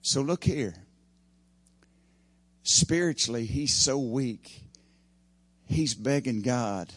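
A man's voice: medium pitch, measured pace, no echo. Folksy preacher man, dry sound. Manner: folksy, swings from loud to hushed. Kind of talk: sermon.

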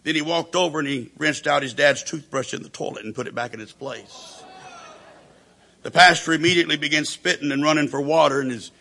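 Gravelly, bright-toned preacher. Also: male voice, a little high, a little fast. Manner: storytelling preacher who acts out quoted voices. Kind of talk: sermon.

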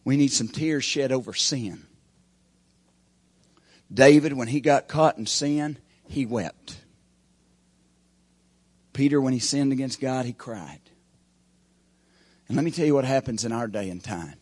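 Husky preacher man. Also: mid-range voice, a little slow, pauses often, a little mellow. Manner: call-and-response preaching, rising and falling emphasis. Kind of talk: sermon.

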